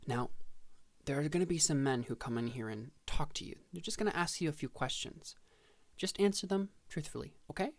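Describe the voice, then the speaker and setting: A gentle, coaxing scientist father, reassuring his small daughter in a soft, lifted voice, as a man game master plays him. He speaks kindly, in a tabletop game's story. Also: a little high, fairly quick, no echo, voice pushed up, lightly acted.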